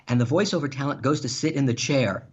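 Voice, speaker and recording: Speaking fast in a husky, mid-range voice, a male podcast guest spins funny stories and laughs while telling them. The delivery is animated and casual, though the lo-fi sound is dull.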